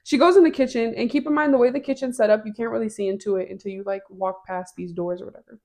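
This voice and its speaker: A woman's voice: on the high side, fast talker, darkish tone. A young woman co-hosting a podcast, telling a story in casual chat with lots of slang and swearing. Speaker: podcast co-host.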